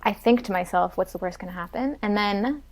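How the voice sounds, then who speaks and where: A young woman talking as a podcast guest in casual chat, chatty and filling her talk with "like". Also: medium pitch. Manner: fast and chatty, fills talk with "like". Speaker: podcast guest, Pilates instructor.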